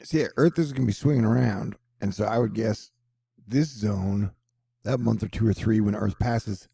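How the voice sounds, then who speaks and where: Gravelly man joking through weather news. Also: lowish voice, normal speed, warm tone, no echo, clean studio sound. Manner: joking, rambling, playful asides. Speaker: host. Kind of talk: casual weather news commentary.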